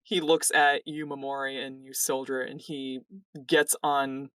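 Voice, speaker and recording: Unhurried game master narration, dry sound, mic set back a bit. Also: medium pitch, level tone, pushed and bright, clean tone, dry recording, recorded from a distance.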